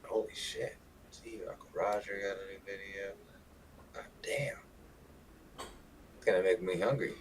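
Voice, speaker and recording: A man's voice: deep voice, a little slow, long pauses, background noise. A man streaming, casually reacting to videos, exclaiming and swearing as he goes. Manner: profane, exclaiming, joking. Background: hip hop music from a video.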